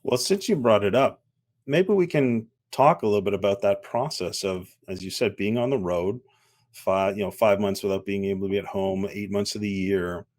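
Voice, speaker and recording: Male podcast host, lower voice, thoughtful, feels his way through questions. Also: moderate pace, a little mellow. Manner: thoughtful, searching for words as he frames questions. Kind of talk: interview questions.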